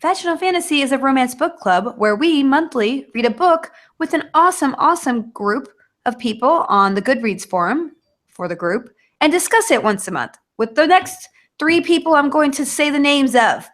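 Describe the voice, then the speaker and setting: A woman's voice: high voice, animated, moderate pace, a bit bright. A woman in her thirties hosting a book club over a video call, chatty and rambling, laughing often. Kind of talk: casual video chat.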